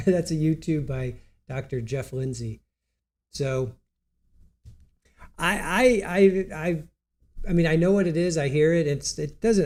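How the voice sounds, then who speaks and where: A man hosts a live stream in loose, rambling chat, with a stuffy nose. His voice sits fairly high but sounds dark and mellow, and he laughs easily while he stumbles through text he reads aloud. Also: measured pace.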